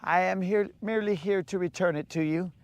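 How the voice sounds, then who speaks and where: A man's voice: high-pitched, steady tone, brisk, dry recording, dull audio, pitched above the performer's own voice. A man voicing a courteous, formal male fish that politely returns a fisherman's lure. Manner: overly courteous, prim.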